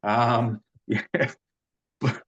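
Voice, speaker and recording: A man's voice: mid-range voice, little pitch movement, extremely slow, dull audio. A middle-aged man, telling his story as a podcast guest in an earnest, rambling way. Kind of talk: conversational interview.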